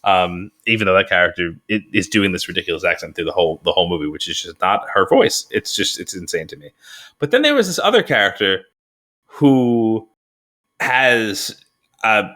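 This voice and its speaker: A man's voice: deep voice, big pitch swings, normal speed, pushed and bright. A man co-hosting a podcast, chatting casually and acting out his own reactions with laughs. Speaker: podcast co-host. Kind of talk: casual chat.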